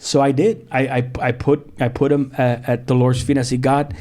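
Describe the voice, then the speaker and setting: On a podcast, a middle-aged South Central Los Angeles pastor recounts his testimony at normal speed, with a dark, medium-pitched voice and a flat delivery. He leans on "you know" and acts out conversations as he goes.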